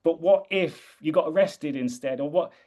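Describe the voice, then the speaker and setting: Earnest reflective man, slightly high voice. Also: normal speed, mellow. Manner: reflective, earnest, with frequent restarts. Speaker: guest. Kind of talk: casual conversation.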